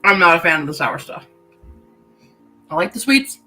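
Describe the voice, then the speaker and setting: Bright, lively woman chatting on a stream. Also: fairly low pitch, normal speed, soft background music, rough recording. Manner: chatty, reads chat comments aloud, laughs often; talks while chewing candy. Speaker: livestream host of writing sprints. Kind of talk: casual livestream chat.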